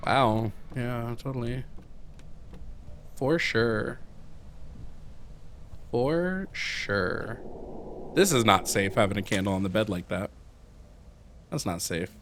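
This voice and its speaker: A man's voice: lowish voice, unhurried, long pauses, fairly bright tone, a little hiss or hum. Sarcastic, swearing young man streaming a game. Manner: sarcastic and profane, wisecracking. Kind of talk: live game commentary.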